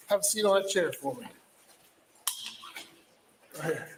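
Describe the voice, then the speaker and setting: A stern police officer barks commands at a detainee, his voice high for a man. It was caught on body camera audio in an echoey room, with a long reverb tail and a faint hiss behind it. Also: animated, unhurried.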